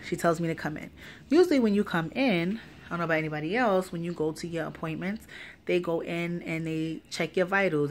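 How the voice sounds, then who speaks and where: A pregnant young woman vlogging a casual story time, ranting with lots of swearing and acting out the people she quotes. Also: low-pitched. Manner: animated, profane ranting with lively quoted dialogue.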